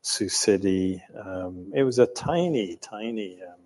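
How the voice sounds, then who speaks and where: An older man from England tells his story slowly and hesitantly, pausing on ums and starting over. His voice sits low and sounds a little husky. The sound carries a long reverb, as if recorded in a hall. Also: animated, darkish tone. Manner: hesitant, full of ums and restarts, chuckling. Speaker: interviewee recounting his life. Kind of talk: reflective storytelling.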